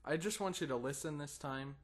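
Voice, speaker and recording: A man's voice: fairly high pitch, fairly quick. A man gives a guitar lesson in a patient, encouraging way. He counts in the student and sings strum rhythms as plain syllables, stressing some beats. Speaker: guitar teacher.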